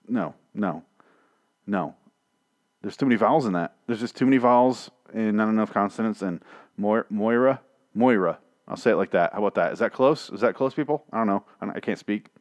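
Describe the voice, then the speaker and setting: A man's voice: fairly low pitch, no echo. Man, casual reviewer, rambling and sarcastic, dry sound. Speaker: TV show reviewer. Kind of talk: casual recap rant.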